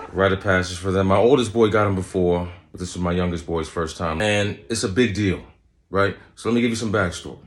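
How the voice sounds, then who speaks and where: Animated storytelling man, low voice. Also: normal speed, pauses often. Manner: animated, profane, frequent "right?" and "man". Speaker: comedian, show host. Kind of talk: comic storytelling. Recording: noisy recording.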